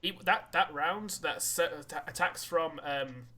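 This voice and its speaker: A man's voice: on the high side, measured pace, bright, forceful tone. A man narrating combat as game master, often hesitating with uh and restarts.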